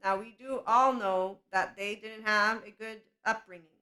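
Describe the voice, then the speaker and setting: Bright, passionate woman podcast host. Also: mid-range voice, unhurried. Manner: passionate, rambling, laughs often. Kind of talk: spiritual monologue.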